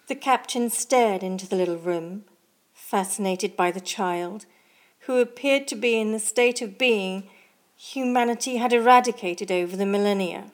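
A woman hosting a story podcast, reading scripted narration in a measured, steady way. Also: medium pitch.

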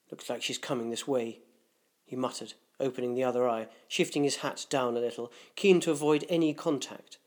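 Man narrating a dark story. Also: a little high.

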